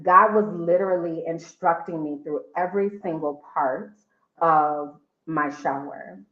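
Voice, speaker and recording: Candid woman with a low voice, tinny and echoey. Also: fairly bright tone. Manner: emotional, candid storytelling with casual slang. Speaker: vlogger sharing a life update. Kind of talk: personal livestream story. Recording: tinny phone-like sound in an echoey room.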